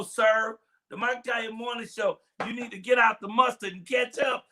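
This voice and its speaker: A man's voice: extremely high pitch, steady tone, moderate pace, sharp tone, slight background noise. A man hosting a comedic morning show, joking exuberantly and breaking into song.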